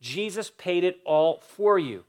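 A man's voice: high voice, lively intonation, a little slow, darkish tone. A man preaching a sermon, building emphatic lists and stressing key words. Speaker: pastor.

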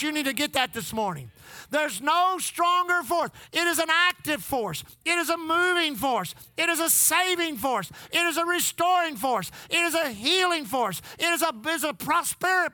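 High, bright older preacher. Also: male voice, dry recording. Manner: builds up, repeats phrases, calls out to the congregation. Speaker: pastor. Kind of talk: sermon. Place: church.

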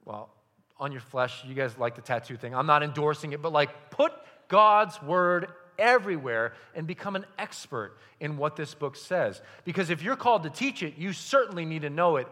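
Young male pastor, bright, forceful sermon voice, long hall reverb. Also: a little high. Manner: passionate, swings from hushed to loud. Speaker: youth pastor. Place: church service hall. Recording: echoey hall.

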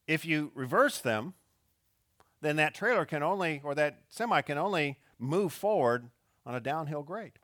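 A man's voice: on the high side, a bit bright, dry recording, studio quality. A man preaching a sermon who tells a story and acts out its quotes, with his intensity rising and falling. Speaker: pastor.

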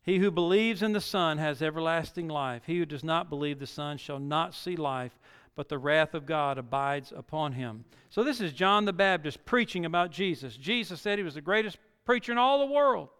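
A man's voice: a little high, lively intonation, moderate pace, few pauses, fairly bright tone, clean tone. A male pastor preaching a sermon, reading scripture dramatically and building to emphatic peaks. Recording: long reverb of a large hall.

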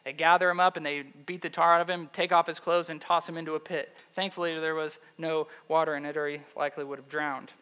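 A man with a fairly high voice preaches a lively sermon, throwing questions out to his listeners. His voice rings in a hall with a long reverb. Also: fast, hardly any pauses, clean tone. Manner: animated, asks the audience questions. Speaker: pastor. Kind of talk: sermon with scripture reading.

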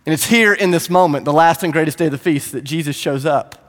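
A man's voice: a little high, fast talker. Emphatic male pastor preaching in a hall. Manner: storytelling, emphatic, rhythmic lists, shifting between loud and hushed. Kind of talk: sermon. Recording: echoey hall.

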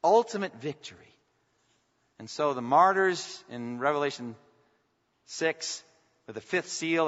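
A man's voice: medium pitch, animated, normal speed, fairly bright tone. A pastor preaching a sermon with passion, climbing to emphatic peaks as he reads scripture. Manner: impassioned, rising to emphatic peaks when reading scripture. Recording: dull sound with long hall reverb.

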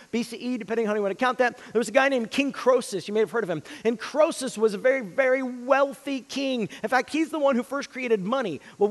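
High-voiced man preaching in a reverberant hall. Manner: dynamic delivery, swinging from loud emphasis to hushed near-whispers. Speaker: pastor. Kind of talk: sermon.

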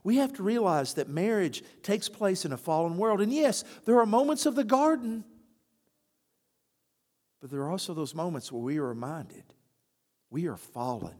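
Preaching in a big-sounding room, a pastor with a high-sitting voice speaks at a moderate pace. His sermon is animated storytelling, in which he performs the voices of the characters he quotes.

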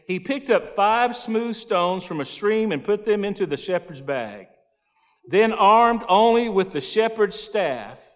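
A man preaching a sermon, reading verses and then retelling them in folksy everyday slang. His voice sits high, and a long hall reverb trails each phrase. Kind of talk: sermon reading and paraphrasing scripture.

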